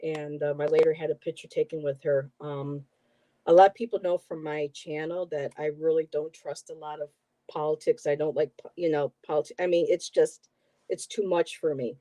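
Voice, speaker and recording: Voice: mid-range voice, level tone, moderate pace, warm tone, dry recording. A middle-aged host from the Buffalo area, chatting casually and telling stories with lots of "um" and "you know". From Buffalo, New York area. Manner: rambling, emotional storytelling with many fillers. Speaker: host, tarot reader. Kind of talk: casual chat.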